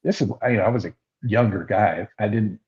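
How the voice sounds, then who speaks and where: A man's voice: lowish voice, fairly quick, a little mellow. An older man, a podcast co-host, telling rambling anecdotes in casual chat and acting out the quotes. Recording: slightly dull lo-fi sound.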